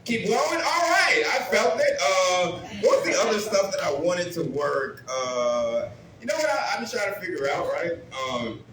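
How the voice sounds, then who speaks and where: A man performing a stand-up comedy set, talking in a brash, crude and animated way and building rhythmic lists. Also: sits high, a little slow, noisy background. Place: comedy club with a live audience. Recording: roomy club with crowd laughter.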